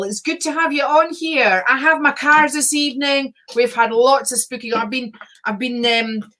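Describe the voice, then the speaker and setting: A woman's voice: on the high side, fairly bright tone. Chatty woman hosting a livestream. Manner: chatty, greets viewers by name, laughs often. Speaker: livestream host and psychic reader. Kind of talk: casual livestream chat.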